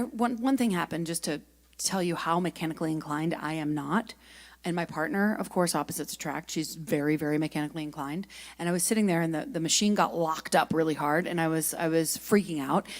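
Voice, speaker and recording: A middle-aged woman giving a lively, chatty spiritual talk at a spiritual center, telling stories and asking her audience questions. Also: fairly low pitch. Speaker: guest speaker and singer.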